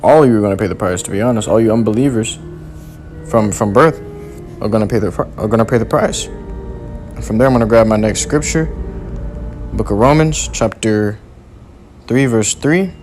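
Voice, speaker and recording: A man preaching a sermon, reading scripture aloud and driving points home in forceful, repetitive, slangy talk. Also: lowish voice, normal speed, long pauses, soft background music.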